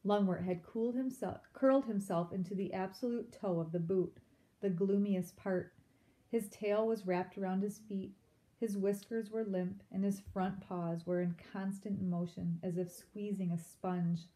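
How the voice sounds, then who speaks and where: A woman reading a children's novel aloud, with expressive storytelling and asides to her listeners. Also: medium pitch, a little slow. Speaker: reader.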